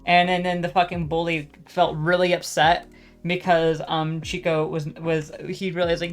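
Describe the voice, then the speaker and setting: A woman with a lowish voice rambles through a casual monologue, looping back on herself and restarting half her sentences. She swears offhandedly and keeps it loose. Faint music hums behind her. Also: flat delivery, brisk. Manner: meandering, full of fillers and restarts, swears casually. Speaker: podcast host.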